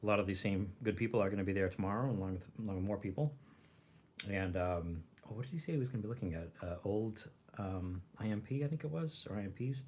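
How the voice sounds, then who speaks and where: A man hosting a casual livestream, rambling, clearing his throat and chewing as he talks. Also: lowish voice, fast talker, darkish tone. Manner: rambling, clears throat, chews while talking. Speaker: livestream host reviewing rations.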